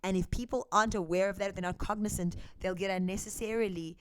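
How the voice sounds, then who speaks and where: A South African woman with a South African accent, talking through ideas in casual commentary with animated asides. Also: mid-range voice, fast talker, background noise. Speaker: reaction vlogger.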